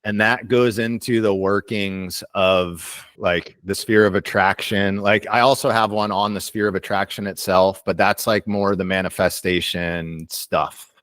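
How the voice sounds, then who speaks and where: A man hosting a video call, calmly explaining ideas and slowing down to stress his points. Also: fairly low pitch, no room sound. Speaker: host of a community call. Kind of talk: casual teaching on a video call.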